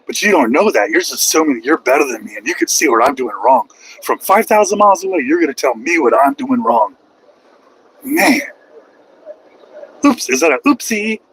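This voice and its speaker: Here the trucker's voice is mid-range and sing-song, a little fast and fairly bright. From the cab of his moving truck he rants to his stream's chat, jeering at critics sarcastically in a put-on whiny voice, over a low-quality recording with slight background noise.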